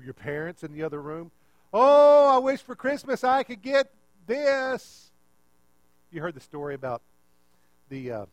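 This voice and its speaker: A man preaching a conversational, animated sermon, full of rhetorical questions. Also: a little high, no room sound, poor audio.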